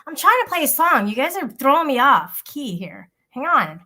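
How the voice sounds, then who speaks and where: A woman's voice: sits high, big pitch swings, moderate pace, bright, forceful tone. A woman hosting a casual live stream, teasing her chat, giggling often and swearing freely. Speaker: livestream host.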